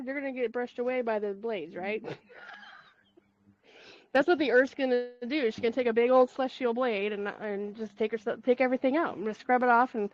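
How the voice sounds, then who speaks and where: A woman's voice: a little high, brisk, dull audio. A woman hosting a community call, chatting casually and rambling through asides with frequent laughs. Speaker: host of a spiritual community call. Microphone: call mic.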